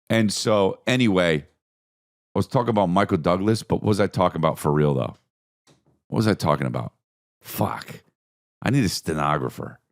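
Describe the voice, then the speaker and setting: A man's voice: low voice, moderate pace, long pauses. A man hosting a comedy podcast, telling stories casually with lots of swearing, and jumping in and out of bits and silly voices. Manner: animated, profane, jumps into bits and voices. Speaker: podcast host.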